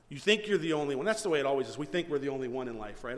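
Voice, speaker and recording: Animated preacher in a reverberant hall. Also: male voice, mid-range voice, racing, hardly any pauses. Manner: animated storytelling with frequent restarts. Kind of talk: sermon.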